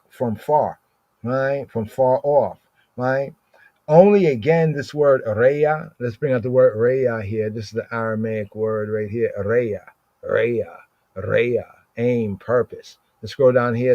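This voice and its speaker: A man's voice: medium pitch, darkish tone, no echo. A man teaching scripture verse by verse, repeating Hebrew words again and again and often asking "right?". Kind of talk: slow verse-by-verse scripture study. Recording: slightly dull lo-fi recording.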